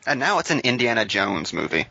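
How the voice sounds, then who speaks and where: A man's voice: mid-range voice, brisk, creaky, no echo, dull audio. A man joking wryly while commenting on a movie with friends. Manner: wry, deadpan jokes with bursts of laughter.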